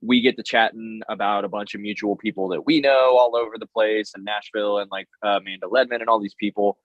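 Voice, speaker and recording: A low-pitched man tells an animated, self-deprecating story in casual conversation. His voice comes across dull and dry, as if recorded close in a small space. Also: quick pace, no room sound. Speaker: tattoo artist guest.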